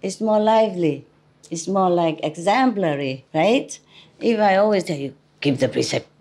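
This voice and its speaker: A woman with a medium-pitched, somewhat dark and expressive voice speaks at a moderate pace. She's a spiritual teacher giving an informal talk to an audience, chatty and teasing, laughing often. English isn't her first language, and her phrasing shows it.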